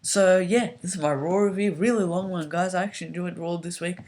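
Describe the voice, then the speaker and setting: A man's voice: high-pitched, fairly even intonation, brisk, a little mellow. A young man giving a rambling, casual spoken review full of fillers and restarts. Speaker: wrestling show reviewer.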